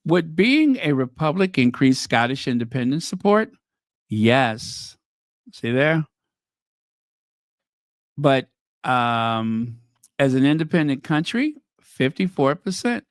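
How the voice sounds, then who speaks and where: Slow-talking man commenting on headlines. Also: medium pitch, very animated, no echo, studio quality. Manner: reads headlines aloud then reacts with opinionated asides. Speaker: commentary channel host. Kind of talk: casual commentary on news headlines.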